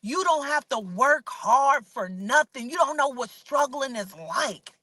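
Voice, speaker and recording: Woman voicing a jealous two-faced girlfriend, high and shrill. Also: expressive, measured pace, pushed and bright, dry recording, studio quality, heavily acted. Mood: resentful.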